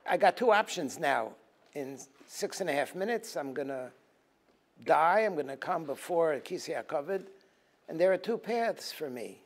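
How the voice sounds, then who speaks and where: A rabbi lecturing on a Talmud passage in a fairly high voice. He quotes the Hebrew text, then explains it in English with lively, emphatic delivery. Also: moderate pace. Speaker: rabbi teaching a Tisha B'Av program.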